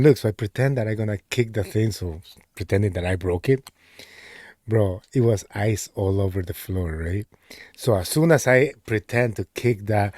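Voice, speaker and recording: A man's voice: lowish voice, a little mellow, no echo, studio quality. A young man, co-hosting a podcast and telling embarrassing stories in casual chat, laughing often and saying "bro" a lot. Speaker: podcast co-host.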